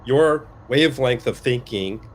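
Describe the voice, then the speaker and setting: A man's voice: medium pitch, unhurried, a loud crowd. A man hosting a casual podcast, talking things over thoughtfully and thanking supporters. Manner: reflective, thanks viewers by name. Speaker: podcast host.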